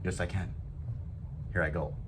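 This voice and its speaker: A man's voice: deep voice, flat delivery, normal speed, fairly bright tone. A man hosting his own motivational talk show, upbeat and rambling, poking fun at himself. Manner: upbeat, rambling, self-joking. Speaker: show host. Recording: noisy background.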